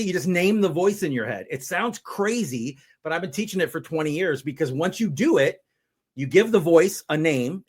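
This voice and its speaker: A middle-aged man, a mind power speaker, explaining his method step by step with energetic examples. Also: fairly high pitch. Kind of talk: conversational teaching.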